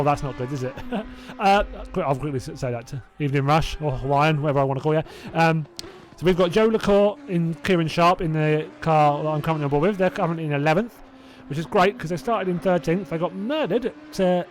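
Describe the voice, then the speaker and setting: A man's voice: a little high, fairly quick, hardly any pauses. A young man casually hosting a live sim racing watch-along, chatty and reacting aloud, laughing often. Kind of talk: casual live-stream chat.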